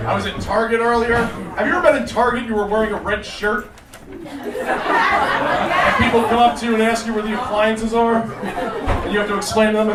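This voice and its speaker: A man performing a stand-up comedy set with a punchy, animated delivery on a live club stage. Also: high-pitched, a little fast, pauses often, a crowd in the background. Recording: roomy club sound, mic at a distance. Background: audience laughter.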